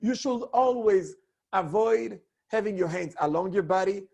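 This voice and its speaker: Man teaching public speaking, hoarse, husky, raspy, high voice, swooping animated delivery. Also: a little slow. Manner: animated, swoops between high and low tones. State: hoarse, voice cracked from overuse. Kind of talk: online lesson.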